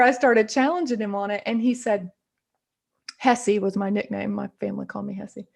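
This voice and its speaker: Animated woman guest, higher voice. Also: fairly quick, vocal fry. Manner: earnest, animated, repeats words as she thinks. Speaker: guest speaker on intuition. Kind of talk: conversational radio interview.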